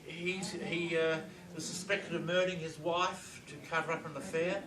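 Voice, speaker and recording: A man's voice: fairly high pitch, fairly even intonation, normal speed, roomy sound, recorded from a distance, noisy background. An older man giving a live presentation to an audience, talking with conversational enthusiasm. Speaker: lecturer.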